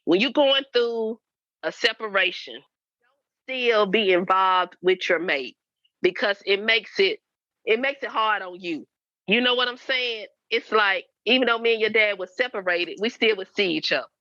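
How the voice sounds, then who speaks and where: A woman in her fifties, the host's mother appearing as a guest, candidly tells her daughter her life story in a mid-range, sharp voice at normal speed. She's earnest and repetitive, sometimes preachy, in a dry, slightly dull lo-fi recording with no echo.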